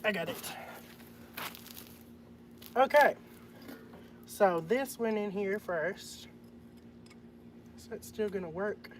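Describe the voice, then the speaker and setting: A man's voice: high-pitched, slow, pauses often, a little hiss or hum. A man chatting casually to live-stream viewers, muttering to himself as he works on a repair. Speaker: livestreamer. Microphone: phone.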